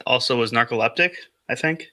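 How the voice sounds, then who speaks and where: A man's voice: medium pitch, fairly quick, sharp tone, no echo. A man co-hosting a podcast in casual chat, rambling and hesitant with lots of fillers and restarts. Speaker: podcast co-host.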